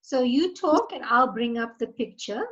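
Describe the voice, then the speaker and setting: A woman host interviewing children over a video call, speaking slowly and encouragingly. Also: on the high side, animated. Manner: encouraging, slow and gentle. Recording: slightly dull lo-fi call audio.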